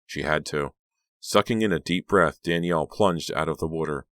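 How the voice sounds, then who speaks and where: A man narrating an audiobook in a steady, measured storytelling manner. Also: very deep voice, no room sound. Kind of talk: scripted narration.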